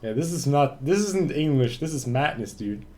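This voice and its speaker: A man's voice: medium pitch, expressive, normal speed, a little mellow, a little hiss or hum. A young German man streaming a game, chatting casually in English with a German accent, ranting and swearing in exasperation. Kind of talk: casual live-stream chat.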